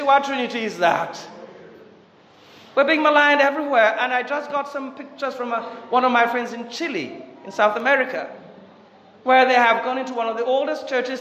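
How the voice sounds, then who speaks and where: A man delivers an impassioned Catholic sermon in a high voice, firing rhetorical questions and swinging between loud urgency and hushed tones. The recording is roomy, with a long church reverb trailing each phrase and faint ambience underneath. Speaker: Catholic priest.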